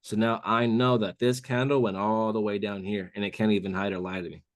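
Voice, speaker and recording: This trading mentor's voice runs on the low side, fairly quick and with little pitch movement, in clean studio sound with no echo. Keeping it casual and saying "bro" often, he leads listeners on a live call through a trading chart.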